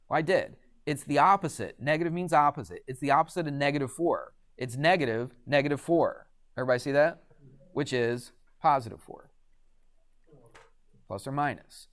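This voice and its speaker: A man teaching a math class in a classroom, chatty and quizzing students with frequent questions. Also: medium pitch. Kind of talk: classroom lecture.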